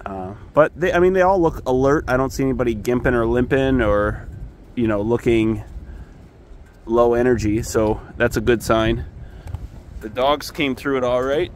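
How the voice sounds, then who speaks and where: A man's voice: mid-range voice, moderate pace. A man casually talking through a farm vlog outdoors in the wind, rambling and self-deprecating as he films his animals on a handheld camera. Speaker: farmer filming his animals.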